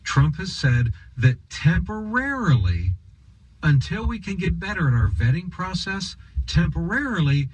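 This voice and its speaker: A man's voice: sits high, sing-song, unhurried, breathy edge, rough recording. A man giving an opinion monologue as a political commentator, sarcastic and emphatic, firing off rhetorical questions.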